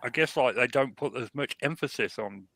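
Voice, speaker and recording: A man's voice: medium pitch, moderate pace, a bit bright, dry recording. A man from England co-hosting a podcast, making blunt, wry complaints in casual chat. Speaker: podcast co-host.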